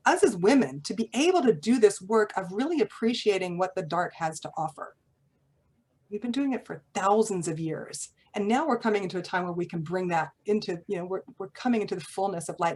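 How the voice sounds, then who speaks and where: A woman giving an inspirational talk as a spiritual teacher, conversational and animated, often laughing. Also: medium pitch, husky.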